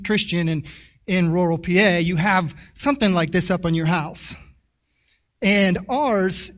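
A man's voice: high voice, a bit bright, far from the mic. A man preaching a sermon in a chatty way, often repeating words and asking the congregation questions. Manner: halting, with many repeated words; conversational, asks the audience questions.

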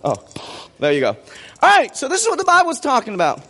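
A man's voice: very high-pitched, huge pitch swings, quick pace, a bit bright, long reverb tail, a little hiss or hum. A man preaching a sermon as pastor in a church, playful and joking with a volunteer on stage.

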